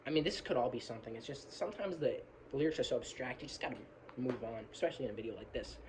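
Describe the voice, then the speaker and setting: A man's voice: medium pitch, very fast, background noise. Rambling apologetic man on a phone video. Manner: rambling, apologetic, swears casually, hums riffs and sings snatches of lyrics. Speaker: metal fan analysing song lyrics. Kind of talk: casual rambling video commentary. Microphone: phone camera.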